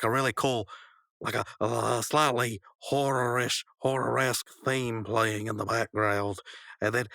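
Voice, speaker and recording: Male co-host, rambling and animated, bright voice, dry sound. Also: mid-range voice, no echo. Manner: rambling, animated, acts out quotes. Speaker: podcast co-host. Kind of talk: casual episode recap.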